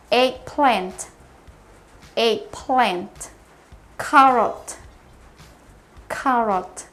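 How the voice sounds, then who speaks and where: A woman's voice: fairly high pitch, a bit bright. A young woman teaching a beginner English vocabulary lesson, repeating each word and spelling it out letter by letter. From Cambodia. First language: Khmer.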